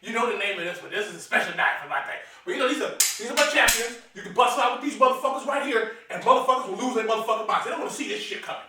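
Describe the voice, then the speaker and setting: A man with a very high, bright voice delivers a quick, brash, boastful comedic monologue full of profanity while showing off his knives. His intonation is lively and he chuckles between lines. The room sounds echoey, the mic is placed far away, and a faint hiss runs underneath.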